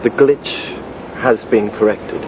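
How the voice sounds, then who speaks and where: A man speaking in a smooth, calm, measured way, delivering film dialogue as a narrator and technician. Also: fairly low pitch, background noise. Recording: muffled film soundtrack with loud score.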